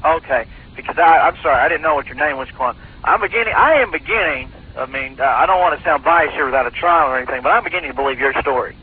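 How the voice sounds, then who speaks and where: A man's voice: on the high side, racing, few pauses, slightly rough. Rambling mock-official man on a phone line. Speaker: prank caller posing as an operator. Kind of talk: prank call. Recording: tinny phone line, faint hiss.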